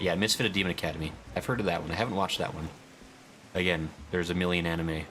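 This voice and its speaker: Male streamer, lowish bright voice, casual chat over faint game music. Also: fairly even intonation, very fast. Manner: chatty, reads chat aloud.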